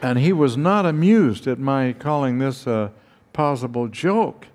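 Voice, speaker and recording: Slow older man telling a story. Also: mid-range voice, expressive, darkish tone. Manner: slow, dramatic retelling with acted dialogue. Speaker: speaker recounting his teaching past. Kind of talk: personal anecdote, storytelling.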